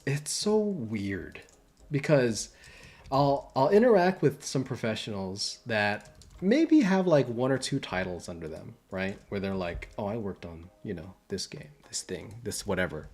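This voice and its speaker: A young adult man, a livestream host and entertainment designer, talks casually on stream, rambling with lots of fillers and restarts. His voice is medium-pitched with a darkish tone.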